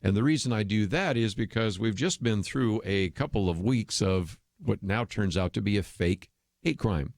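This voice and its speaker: A man with a low voice hosts a talk radio show, talking straight to listeners in an earnest, persuasive way. He often pauses on fillers and restarts his sentences. The sound is close and dry, with no room around it. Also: lively intonation, no room sound. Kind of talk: radio commentary monologue.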